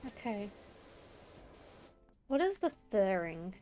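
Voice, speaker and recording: Speaking slowly in a mellow, mid-range voice with a Liverpool accent, this VTuber streamer chats casually during gameplay. She's very animated, rambling and emphatic as she streams the game.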